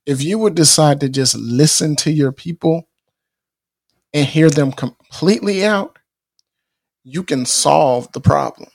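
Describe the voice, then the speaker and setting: A man's voice: fairly high pitch, unhurried, vocal fry, long pauses. A middle-aged man hosting a podcast, giving earnest motivational advice in a casual, preachy way, often repeating himself and restarting phrases. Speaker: podcast host.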